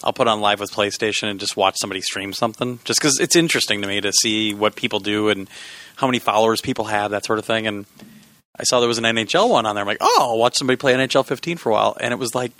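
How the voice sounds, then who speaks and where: A man's voice: fairly low pitch, fast talker, a bit bright, dry recording. A man co-hosting a casual podcast, telling stories and teasing his co-host. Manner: joking, teasing storyteller. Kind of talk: casual chat.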